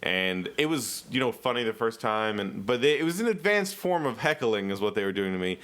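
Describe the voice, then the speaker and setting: Bright-voiced young comedian telling stories. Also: male voice, fairly low pitch, a little fast. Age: young adult. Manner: animated storyteller, acts out quotes. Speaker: guest comedian. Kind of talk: casual podcast chat.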